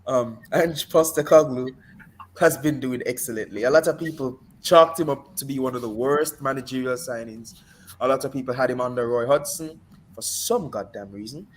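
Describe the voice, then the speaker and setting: A man co-hosts a loose football chat, telling stories with animated, playful exaggeration. His voice sits at a middle pitch. A faint noise runs under the recording. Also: normal speed. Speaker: podcast co-host. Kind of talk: casual sports chat.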